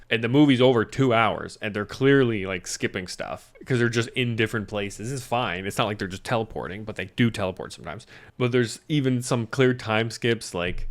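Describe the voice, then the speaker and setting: A young man with a slightly low voice rambles casually through a film review. He drifts from point to point, swears freely and often breaks into laughter. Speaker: YouTuber reviewing an anime film. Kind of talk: casual chat.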